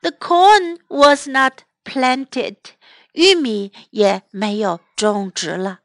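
A woman reads a children's story aloud as an English teacher, slow and deliberate, with each line followed by a translation. Her voice is high, and the recording is dry and close. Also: a bit bright, no echo.

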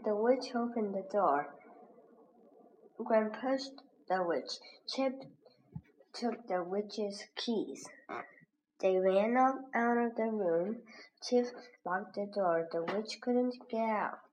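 A woman slowly reading a children's reader aloud as a lesson, pronouncing each word with care. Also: mid-range voice, darkish tone. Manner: slow, careful, clearly pronounced. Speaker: reading teacher. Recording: dull lo-fi recording with faint hiss.

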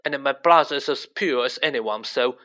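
A man's voice: medium pitch, normal speed, pushed and bright, natural voice. A man doing a quivering, stubborn schoolboy. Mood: nervous, stubborn. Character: nervous pompous schoolboy wizard, stubborn.

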